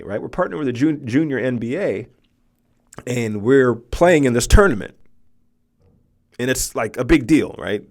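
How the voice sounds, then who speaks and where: A man's voice: on the low side, a little mellow. A man in his forties, hosting a podcast and telling a personal story in a conversational way, often checking in with the listener. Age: 40s. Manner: conversational, often asks "right?". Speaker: podcast host.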